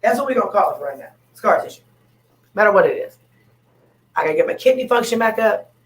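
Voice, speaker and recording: A woman's voice: medium pitch, animated, fast, rough recording. Blunt, emphatic woman in casual chat. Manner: emphatic, blunt, repeats points. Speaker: panel speaker.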